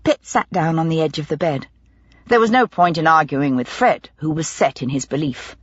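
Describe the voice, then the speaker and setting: A woman narrating a mystery audiobook in a measured, expressive storytelling manner. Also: low-pitched, slightly rough, no echo, lo-fi sound. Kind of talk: scripted narration.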